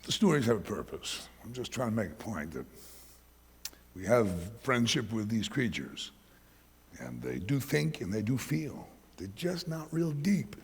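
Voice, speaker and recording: A man preaching a sermon as pastor, telling animated stories about his pets, in a church hall with long reverb. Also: mid-range voice, unhurried, husky. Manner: anecdotal, animated storytelling.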